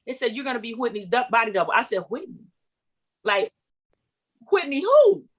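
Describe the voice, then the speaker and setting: A middle-aged woman, a singer, relating a story as an interview guest. Her telling is animated: she acts out each person she quotes and leaps up in pitch for the excited moments. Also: very fast.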